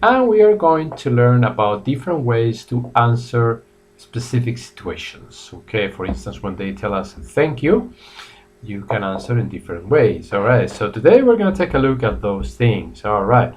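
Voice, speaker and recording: A man's voice: mid-range voice, very animated, normal speed, a little mellow, slight background noise. A middle-aged man giving a live online English lesson, upbeat, repeating key phrases and greeting viewers by name. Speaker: English teacher. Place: academy in Madrid.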